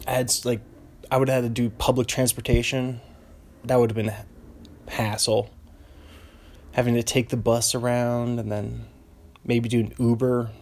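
A man's voice: mid-range voice, darkish tone. A young man from Western Washington chatting alone in a meandering way, breaking off into tangents and giggly asides. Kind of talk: rambling solo casual chat.

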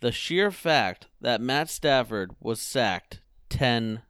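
A young man hosting a casual sports chat podcast, animated and jokey as he tells stories. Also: mid-range voice, slow pace, smooth, dry recording, studio quality. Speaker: podcast host. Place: home room with TV on behind.

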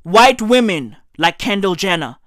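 A woman doing a profane comic rant to camera, emphatic and mocking. She keeps checking in with "right?" and bursts into high mock shouts. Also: expressive, a little slow, no echo, studio quality. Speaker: comedian.

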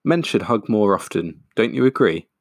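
A man's voice: lowish voice, expressive, moderate pace, no room sound, studio quality. A man voicing an eager, overly earnest middle-aged dad who talks in an effusive, apologetic way.

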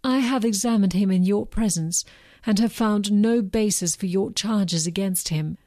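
A woman reading the lines of a Roman governor, an uneasy male questioner, in a plain, even manner. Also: mid-range voice, measured pace, no room sound, studio quality, close to an everyday voice. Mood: questioning.

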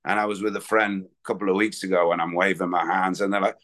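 Sharing his own recovery story at a meeting, a man talks fast and candidly, rambling along. His voice is low-pitched and a bit bright, with little pitch movement.

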